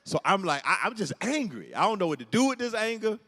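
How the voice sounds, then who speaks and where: A comedian telling a story on stage, animated and acting out the scenes and voices. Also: male voice, sits high, fast talker. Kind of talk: stand-up storytelling. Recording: echoey hall with long reverb.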